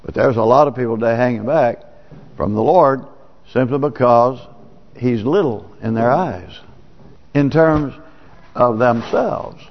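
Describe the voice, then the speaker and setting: A man's voice: medium pitch, measured pace, long pauses. A man, a pastor, preaching a sermon in a plain, folksy, conversational way. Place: church sanctuary. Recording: dull lo-fi church recording with long reverb.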